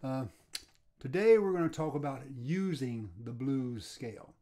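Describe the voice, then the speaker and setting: An older man giving a casual guitar lesson, talking in a relaxed, halting way and often repeating words as he restarts his sentences. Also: medium pitch. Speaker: guitar teacher. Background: faint guitar playing.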